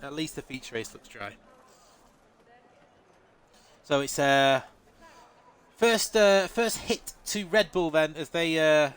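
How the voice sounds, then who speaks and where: A man's voice: fairly high pitch, expressive, measured pace, a bit bright, clear, resonant tone. A man doing live sim-racing commentary, nasal and congested from a head cold, chatty and answering his live chat. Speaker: race commentator.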